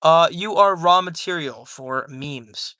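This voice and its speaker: A man's voice: a little high, slow pace, sharp tone, no room sound, clean studio sound. A young man casually chatting with his livestream viewers at home, loose and rambling, peppering his talk with dude and bro. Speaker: livestreamer reading chat.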